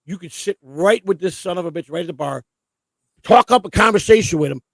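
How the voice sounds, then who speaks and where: A man hosting a casual livestream chat, rambling and swearing excitedly as he talks. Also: sits high, brisk, creaky, dry recording. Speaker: host.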